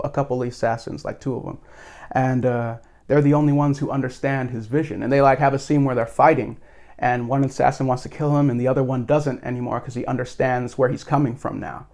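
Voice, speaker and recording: A man's voice: medium pitch, vocal fry, darkish tone. A man hosting a video, talking through a movie in a rambling, casual, tongue-in-cheek way. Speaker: video host.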